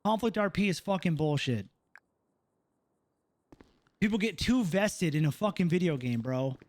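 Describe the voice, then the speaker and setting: A man's voice: high-pitched, lively intonation, a little slow, a little mellow, no echo. Young man venting, ends lines with "bro". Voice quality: swearing, trails off with "bro" and "dude". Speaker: roleplay game streamer. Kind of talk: casual out-of-character venting.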